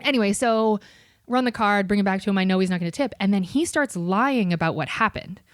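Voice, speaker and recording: A woman guest on a podcast, telling a story with animated, profane delivery and acted-out voices. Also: mid-range voice, brisk, no echo, clean studio sound. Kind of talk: casual storytelling chat.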